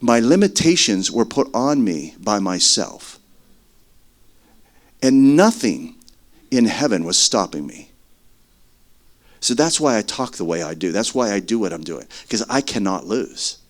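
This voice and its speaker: A middle-aged man preaching a sermon as earnest testimony, swinging between loud stretches and hushed ones. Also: fairly low pitch, very animated, unhurried, pauses often.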